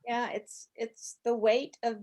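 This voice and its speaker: A woman speaking quietly and sympathetically on a video call. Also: on the high side, little pitch movement, slow pace. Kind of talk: empathetic video-call chat.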